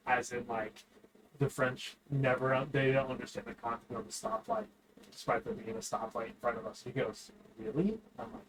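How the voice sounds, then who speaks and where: A man's voice: mid-range voice, a little hiss or hum, low-quality recording. A young man chatting casually while gaming, telling stories in a laid-back way, swearing and giggling.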